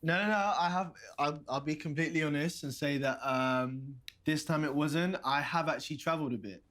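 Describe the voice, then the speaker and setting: A man's voice: fairly high pitch, brisk, a bit bright, lightly acted. An actor with a London accent playing a nervous young man stammering through a video date in a game. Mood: awkward. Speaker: game protagonist. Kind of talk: game voice acting.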